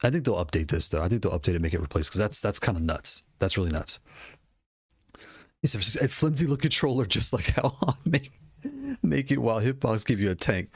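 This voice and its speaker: A man's voice: fairly low pitch, animated, brisk, breathy edge, dry recording, clean studio sound. A man casually talking about game controllers as he browses, rambling, repeating himself and laughing often. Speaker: gaming hardware video creator. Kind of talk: casual product talk while browsing.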